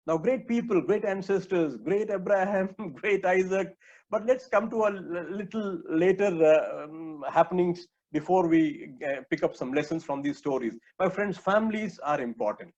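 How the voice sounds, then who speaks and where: Male preacher, sermon delivery, earnest with filler pauses, slightly high pitch, muffled lo-fi audio. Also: darkish tone. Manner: earnest, addresses listeners as my friends, frequent uh fillers. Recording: dull lo-fi recording.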